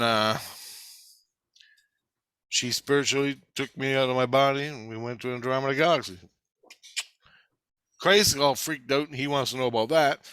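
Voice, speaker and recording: A half-awake man rambling through a profane, casual story, quoting others in quick asides. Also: medium pitch, pushed and bright, smooth, no room sound, studio quality. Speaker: video maker. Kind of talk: casual chat.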